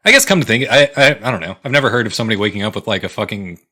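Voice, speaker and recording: A man's voice: fairly low pitch, very fast, sharp tone. A man co-hosting a podcast, joking and cursing in a casual chat over drinks. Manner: profane, joking. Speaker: podcast co-host.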